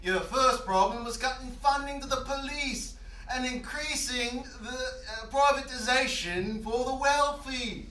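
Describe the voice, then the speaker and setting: Recorded from afar on an echoey stage with slight background noise, this male performer gives an exaggerated, very high-pitched voice that is bright and forceful, delivered a little slowly. He plays a meddling, wry stag head on a wall, scolding a politician with sly mock-British flair.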